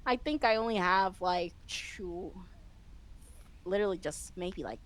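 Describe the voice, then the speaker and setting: Casting note: young-sounding woman, animated and chatty, laughs a lot, restarts her sentences. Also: on the low side, unhurried, a little hiss or hum, poor audio. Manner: excitable, laughs often, rambling with many restarts. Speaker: interview guest, VTuber. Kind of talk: casual chat.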